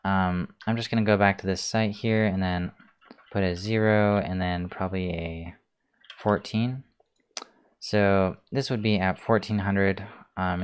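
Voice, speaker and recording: A man hosting a casual screencast coding tutorial, talking through his steps in a relaxed way with many ums, keyboard clicks heard. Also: sits low, smooth. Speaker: tutorial host.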